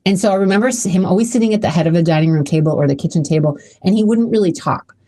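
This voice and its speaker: Chatty, mellow-voiced woman podcaster. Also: fairly low pitch, rapid-fire. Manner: chatty and emotional, with many restarts. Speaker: podcast host. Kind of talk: casual solo podcast talk.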